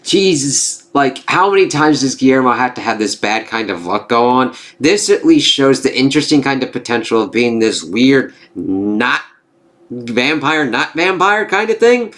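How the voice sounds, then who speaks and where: A man's voice: mid-range voice, a bit bright. A man casually recapping a TV episode, rambling and swearing, full of filler phrases. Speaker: TV reviewer.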